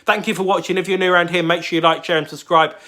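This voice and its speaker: Man, high-pitched, bright and sharp voice, furious fan rant, constant swearing. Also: fairly even intonation, very fast. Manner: heavy swearing, ranting. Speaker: football fan vlogger. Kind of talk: angry fan rant to camera.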